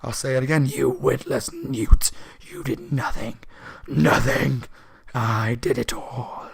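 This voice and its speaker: A man with a sore throat voicing a creepy, gloating old male wizard in a slow, menacing whispered role-play. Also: mid-range voice, vocal fry.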